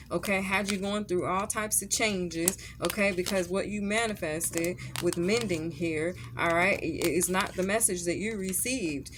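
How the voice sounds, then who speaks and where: A woman's voice: medium pitch, noisy background. Blunt, profane woman giving a tarot reading. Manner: blunt, profane, laughing, lots of "okay?" and "like". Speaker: tarot reader.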